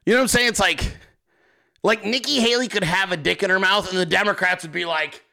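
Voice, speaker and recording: A man's voice: high voice, fairly quick, vocal fry, sharp tone. A man hosting a political commentary show, ranting in a crude, sarcastic way with constant swearing and frequent asides to his listeners. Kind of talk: profane unscripted rant.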